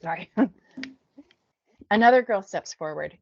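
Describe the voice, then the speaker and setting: A woman from the Bay Area, a podcast guest, reading her memoir aloud in a measured, subdued way. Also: low-pitched, creaky, no room sound. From San Francisco Bay Area. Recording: dull dry lo-fi recording.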